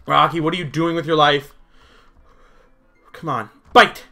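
Let's play host: man, playful and chatty, lively up-and-down delivery, crisp bright tone, faint game music underneath. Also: fairly high pitch, normal speed, pauses often. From Canada. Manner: playful, chatty, sings silly little ditties. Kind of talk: casual gameplay commentary.

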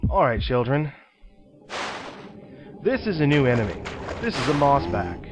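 A man's voice: mid-range voice, very animated, a little slow, dull audio, music in the background. A man casually commenting while playing a video game, talking to himself and to viewers with playful, teacher-like asides. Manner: chatty, talks to himself and viewers. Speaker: let's play host.

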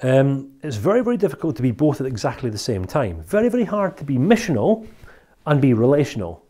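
Scottish man, course teacher, animated pitch, jokey chatty delivery. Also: brisk, slightly rough. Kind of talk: recorded course lecture.

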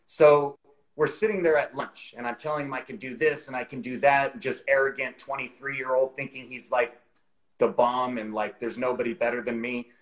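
A man's voice: mid-range voice, normal speed, poor audio. Chatty man telling a story on a video call. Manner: animated, chatty anecdote telling with many fillers. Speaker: guest, real estate expert. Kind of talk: casual storytelling in an interview.

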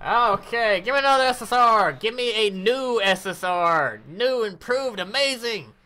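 Woman, game commentator, slow and bright, animated, swears freely. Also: on the high side. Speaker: mobile game streamer. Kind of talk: casual gameplay commentary.

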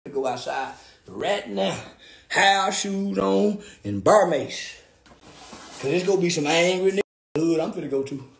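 Man, comedic vlog rant, theatrical and over the top, fry-heavy high voice. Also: lively intonation, normal speed. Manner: loud, theatrical, exaggerated mock-crying and preaching. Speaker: vlogger. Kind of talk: comedic celebratory rant to camera.

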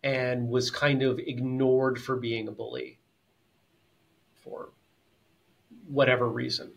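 A man's voice: mid-range voice, flat delivery, takes it slowly, creaky. A man co-hosting a martial arts podcast, talking things through in long, thoughtful sentences with frequent restarts. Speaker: podcast co-host. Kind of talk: casual podcast conversation.

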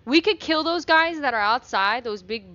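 A young woman giving casual, profane gameplay commentary with sudden excited outbursts. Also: high voice, moderate pace, highs cut off. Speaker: gaming channel host.

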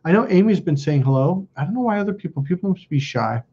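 A man's voice: a little high, lively intonation, fast, dark tone, husky, dull audio. A man hosting a live stream, telling stories in a blunt, profane, self-mocking casual chat. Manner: blunt, profane, laughs at himself.

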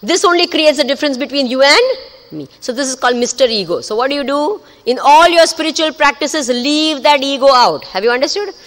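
Animated, high-pitched woman teacher delivering a spiritual discourse, her voice swinging widely as she tells stories. She keeps checking in with listeners. The sound rings with a long hall echo. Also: a little fast. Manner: animated storytelling, checks the audience. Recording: echoey hall.

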